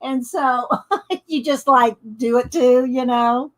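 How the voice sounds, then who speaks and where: Taking things slowly, a woman with a high voice and fairly even intonation hosts a casual morning art livestream. She is from the American South, works from a home studio with the windows open, and chats, laughs often and greets viewers by name.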